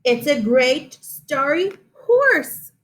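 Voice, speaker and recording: A woman's voice: sits high, big pitch swings, extremely slow, fairly bright tone, full character voice. A woman voicing a plodding, whiny male horse who snorts as he talks. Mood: pleased. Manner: whining and snorting.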